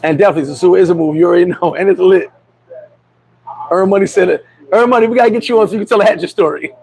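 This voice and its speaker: An American man hosting a casual livestream. He rambles through viewer comments and shout-outs, often restarting and chuckling. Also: sits high, very fast, vocal fry, a little hiss or hum, rough recording. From United States. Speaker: livestream host.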